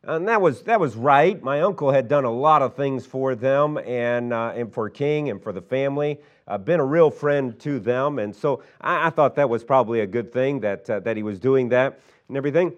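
A man's voice: medium pitch, moderate pace, dull audio. A middle-aged male pastor telling a folksy story in a sermon, rambling with lots of fillers and restarts.

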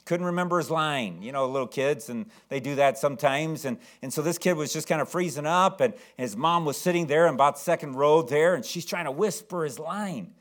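Slightly high-voiced preaching pastor. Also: male voice. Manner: preaching, calls on the congregation to respond aloud; slows and rises to read verses aloud. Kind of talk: sermon with scripture reading.

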